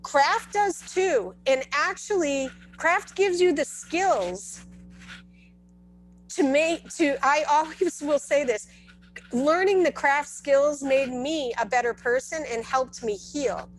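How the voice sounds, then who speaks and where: A woman's voice: high-pitched, takes it slowly, faint music behind, poor audio. A woman telling a long personal story as a parent, in casual talk with many restarts and asides. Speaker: parent sharing her experience.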